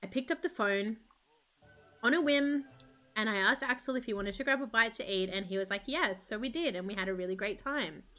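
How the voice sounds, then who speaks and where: Casting: woman doing a bubbly, lovestruck young woman for a life-sim game, crisp bright tone. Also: mid-range voice, fairly quick, faint music behind, lightly acted. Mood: excited.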